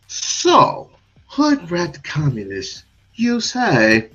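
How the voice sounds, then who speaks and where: A man's voice: sits high, wildly swooping pitch, extremely slow, sharp tone, slightly rough. A man hosting a comedy show in a rambling, hesitant improvised monologue, with dull lo-fi sound. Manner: rambling, hesitant, full of restarts. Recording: dull lo-fi sound with faint music.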